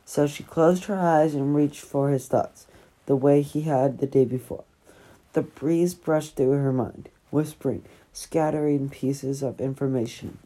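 A woman reads a novel chapter aloud in a measured, unhurried way. Her voice is unusually low and husky, with a dark, mellow tone. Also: poor audio. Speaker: audiobook reader.

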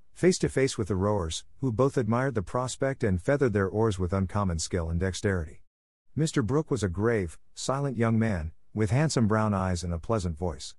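Man, audiobook narration, classic novel, steady, measured, deep voice, dry. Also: no echo.

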